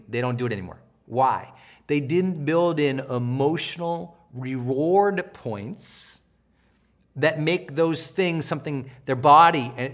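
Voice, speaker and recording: A middle-aged man giving a live coaching session, energetic and animated, often acting out the voices of people he quotes. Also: on the high side. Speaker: self-help trainer.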